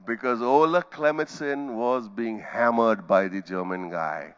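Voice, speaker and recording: Heard through lo-fi sound, a middle-aged Indian English speaker delivers a storytelling keynote in a conference hall. His mid-range voice swings widely in pitch at a moderate pace as he performs scenes with sound effects and quoted voices.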